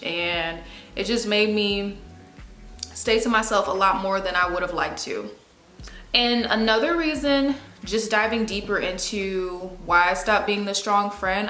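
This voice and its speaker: A woman's voice: mid-range voice, a bit bright, reverberant. A young woman talking to camera in a casual, candid way, using slang and speaking expressively. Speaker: video host. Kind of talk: casual confessional talk to camera.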